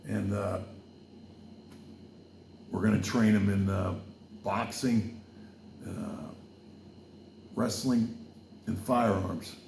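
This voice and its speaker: Welsh guy, low gravelly voice, slow and rambly, podcast host preaching a bit, lots of ums. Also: steady tone, darkish tone, echoey room, slight background noise. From Wales. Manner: loose and digressive, with many fillers and asides. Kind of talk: rambling casual monologue with preaching.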